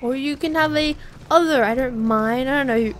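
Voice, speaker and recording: A woman's voice: high voice, moderate pace, a little hiss or hum. A woman giving casual, rambling let's play commentary, chatting to herself as she plays.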